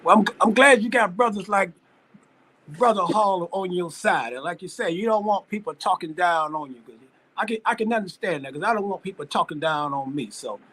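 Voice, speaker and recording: A man's voice: high voice, fairly quick, bright, forceful tone. A man hosting a live stream interview over a video call, encouraging his guest and calling him brother. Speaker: interview host.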